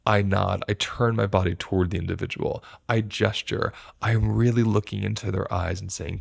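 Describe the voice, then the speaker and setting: A man with a low, gravelly voice teaches to camera about stress responses. He is reflective and earnest and draws on his own life to explain. Every point comes with a plain everyday example. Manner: earnest, speaks from personal experience.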